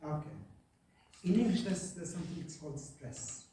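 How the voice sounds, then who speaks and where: A man's voice: on the high side, animated, warm tone, a little hiss or hum. Male teacher, echoey distant room. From Algeria. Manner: halting, many fillers, checks in with "right?". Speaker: English teacher. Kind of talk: classroom lesson. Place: classroom. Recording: echoey classroom from far off.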